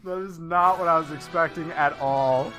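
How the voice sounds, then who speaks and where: A man hosting a live-stream clip tournament in casual chat, excitable and rambling with lots of fillers. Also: a little high, moderate pace, over loud music.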